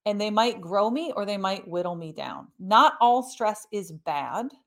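A woman's voice: medium pitch, a little slow. Woman podcast host explaining conversationally. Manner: lively, conversational teaching with asides.

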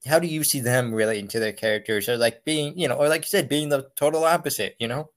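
A man interviewing a guest in a relaxed way, framing loose questions padded with fillers. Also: medium pitch, fast talker. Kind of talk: casual interview chat.

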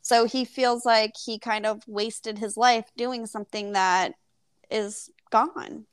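Woman cohost on a book podcast, really high voice, laughs a ton, swears, dry sound. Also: slow, clean tone, no echo. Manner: animated, laughing, swears casually. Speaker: podcast co-host. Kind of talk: casual book chat.

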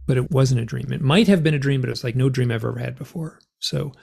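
Man, middle-aged, husky voice, rambling animated storytelling, interview guest. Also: mid-range voice, fast. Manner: rambling, animated, lots of fillers. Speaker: guest author and experiencer.

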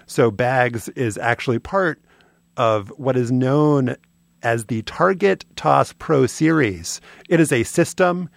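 A podcast co-host tells a prepared story with dry, wry humor, keeping it casual and chatty. His medium-pitched, gravelly voice moves slowly, and there's no echo.

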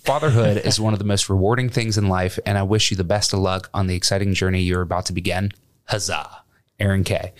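A man's voice: low voice, steady tone, fast, no echo. A man on a podcast reading a listener's email aloud, earnest with dry humor.

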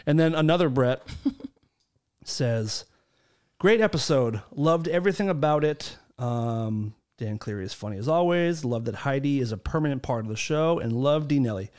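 A man's voice: medium pitch, animated, a little mellow. A man hosting a casual podcast, teasing his co-hosts and reading listener comments in a joking, loose way. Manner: joking, teasing, drawn-out filler words. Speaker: podcast host.

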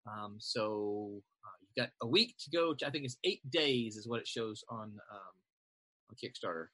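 Bright-voiced host rambling with fillers. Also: male voice, fairly low pitch, normal speed, no room sound. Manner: relaxed, rambling, many fillers. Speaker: show host. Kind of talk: casual online group chat.

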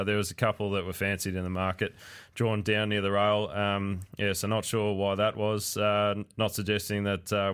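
A man's voice: fairly low pitch, a bit bright, clean tone. A man with an Australian accent giving greyhound racing tips in a casual podcast chat, laid-back with lots of fillers.

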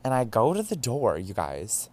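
A man's voice: medium pitch, huge pitch swings, moderate pace. A young man hosting a podcast, telling a personal story in a candid, profane way with dramatic exclamations. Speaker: podcast host. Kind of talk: casual storytelling monologue.

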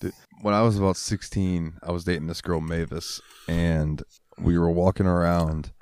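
A man's voice: low voice, flat delivery, moderate pace, darkish tone, smooth, no room sound, clean studio sound. A man co-hosting a podcast, laid-back and crude, laughing easily as he tells stories. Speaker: podcast co-host. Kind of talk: casual chat.

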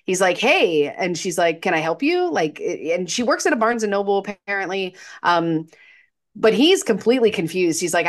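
A woman's voice: fairly low pitch, very animated, normal speed. A woman co-hosting a podcast, chatting through a film's plot with hesitant restarts. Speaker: podcast co-host. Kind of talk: casual movie recap chat.

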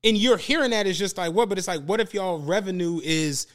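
A man's voice: sits high, brisk. A man co-hosting a podcast, telling stories in casual chat, swearing freely and acting out what people said. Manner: animated storytelling, swears freely, acts out quotes. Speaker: podcast co-host.

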